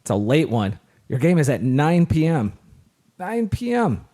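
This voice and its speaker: A middle-aged man co-hosting a casual sports podcast with his son, upbeat and quick to laugh, often restarting his sentences. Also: on the high side, sing-song, dark tone. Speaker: co-host, father.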